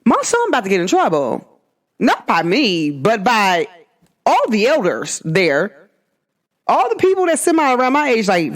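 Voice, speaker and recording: A woman's voice: fairly high pitch, huge pitch swings, normal speed. A woman hosting her own podcast, talking in a casual, emphatic monologue full of rhetorical questions. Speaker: podcast host.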